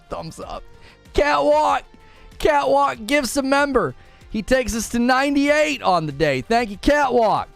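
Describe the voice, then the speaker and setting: Male streamer, high lively voice, jokey and loud, faint music under. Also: unhurried, gravelly. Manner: animated, jokey, often yelling. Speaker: live stream host. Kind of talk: casual live stream chat.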